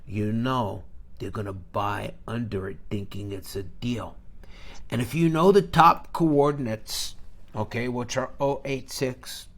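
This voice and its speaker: A man's voice: mid-range voice, a little slow. A man hosting a live trading stream, lecturing bluntly and emphatically and tagging his points with a questioning "okay?". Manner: blunt and scornful.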